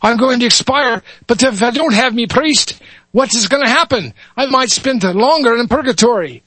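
A man's voice: very high voice, animated, normal speed, sharp tone, slightly rough, no room sound, pitched above the performer's own voice, heavily acted. A man voicing a dying young lad who pleads. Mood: pleading.

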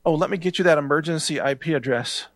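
A man's voice: fairly high pitch, fast, no room sound. A middle-aged man hosting a political show, speaking in a heated, ranting monologue that often repeats words. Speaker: show host.

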